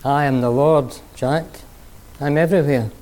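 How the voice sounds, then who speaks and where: A man voicing God as a calm, gently wry figure who gives steady instructions. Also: mid-range voice, normal speed, lightly acted.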